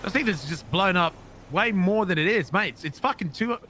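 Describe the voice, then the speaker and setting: A man's voice: high voice, animated, a little fast, pushed and bright. A man talking in character in a roleplay game, defensive and exasperated. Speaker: roleplay player.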